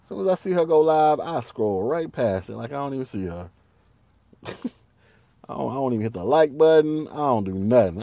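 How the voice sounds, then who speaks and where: A man rants on his own podcast in loose street slang, his pitch swinging widely as he laughs and circles back over the same points. The sound is dry and close, with no room echo. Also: a little fast. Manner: animated, slangy, laughs often, repeats himself. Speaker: podcast host. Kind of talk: casual solo podcast rant.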